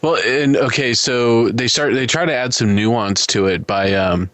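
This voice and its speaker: A man's voice: mid-range voice, a little slow, a bit bright, dry recording. A man co-hosting a casual movie review chat, speaking in a laid-back, wry way. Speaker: podcast co-host.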